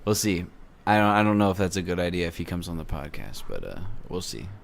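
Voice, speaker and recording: Brief: male podcast host, low voice, jokey and rambling, stumbles and restarts a lot. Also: sing-song, fast, gravelly, a little hiss or hum. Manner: joking, rambling, frequent restarts. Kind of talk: casual podcast chat.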